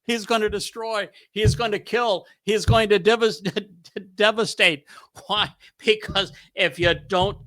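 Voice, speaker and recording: Bright-voiced man preaching emphatically. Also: high voice, steady tone, measured pace. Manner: emphatic, sarcastic, laughs often mid-sentence. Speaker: host of a scripture study. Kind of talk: animated preaching commentary.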